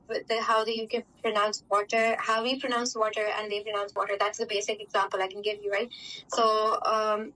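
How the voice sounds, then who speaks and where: A young woman with a Pakistani English accent answers interview questions in easy, filler-heavy talk, tagging many sentences with a questioning "right?". Her voice sits a little high but moves in a flat, narrow band. She sounds set back from the mic, with a faint hum behind her. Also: far from the mic. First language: Urdu.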